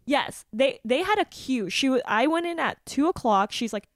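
A woman in her thirties co-hosts a casual podcast, teasing her co-host and pushing back on his story. Her voice sits a little high. The sound is dry and close. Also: lively intonation, normal speed, dry recording. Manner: teasing, playfully challenging. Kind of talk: casual chat.

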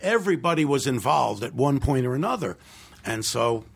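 A man's voice: medium pitch, lively intonation, normal speed, gravelly, slightly rough. An older man, a film director, telling rambling anecdotes in a casual interview and acting out what others said. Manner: rambling anecdotes with restarts and acted-out quotes.

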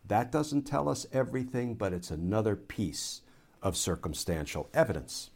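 A man with a somewhat low voice delivers a political commentary monologue. He builds his argument point by point in the measured, explanatory manner of a former courtroom lawyer. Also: gravelly, darkish tone.

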